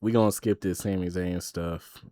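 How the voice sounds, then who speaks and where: A man's voice: low voice, steady tone, normal speed, dark tone, no room sound. A man co-hosting a podcast, casually recapping wrestling shows and retelling the promos in quoted voices. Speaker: podcast co-host.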